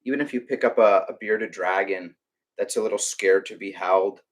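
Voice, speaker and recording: A man who runs a reptile rescue chats casually on a live stream, ranting with lots of restarts and filler words. His voice is lowish and his pace moderate.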